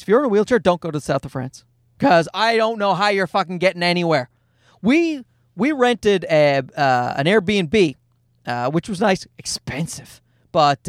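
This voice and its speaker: Man, 30s, high voice, dry close sound, sarcastic swearing storyteller, casual comic rant. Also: no room sound. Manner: profane, sarcastic ranting.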